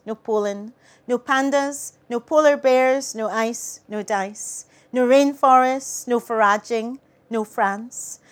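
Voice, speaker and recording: A woman reading a poem in the voice of a boastful nationalist male politician, declaiming a loud list. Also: fairly high pitch.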